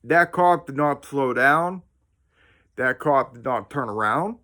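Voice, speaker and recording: A man of middle pitch tells a story straight to his viewers, casual and excitable. He rambles, restarts his sentences and throws in plenty of slang as he goes. He is talking at home. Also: slow pace. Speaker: paranormal storyteller, channel host. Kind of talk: casual first-person storytelling to camera. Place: indoors at home.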